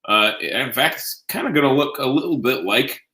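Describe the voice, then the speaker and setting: A man's voice: mid-range voice, lively intonation, moderate pace, sharp tone, echoey room. A man hosting a casual live cooking show, chatting directly to viewers in a folksy, easygoing way. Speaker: home cooking show host.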